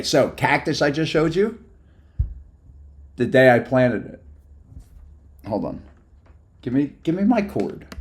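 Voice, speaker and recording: Hyper, rambling, low-voiced male streamer. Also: a little mellow. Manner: hyper, rambling, jumps between topics. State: sleep-deprived. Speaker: live streamer. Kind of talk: casual live-stream chat.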